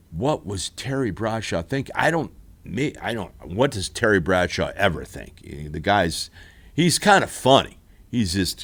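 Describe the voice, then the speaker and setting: A man hosting a football recap show, rambling and animated in casual commentary, laughing often. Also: mid-range voice, vocal fry. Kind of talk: casual sports commentary monologue. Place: studio.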